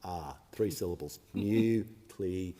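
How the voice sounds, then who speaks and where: Speaking slowly in a low, dark voice, an Australian man who is a member of parliament gives a combative, sarcastic debate speech that mocks his opponents. He's in a large parliamentary chamber, and its long reverb is audible.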